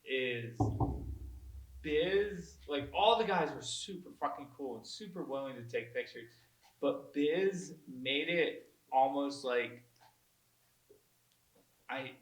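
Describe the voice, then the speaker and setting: A man co-hosting a hockey podcast, excitable and chatty, repeating "yeah" and "like". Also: mid-range voice, takes it slowly, long pauses, reverberant, rough recording. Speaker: podcast co-host. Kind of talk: casual podcast chat.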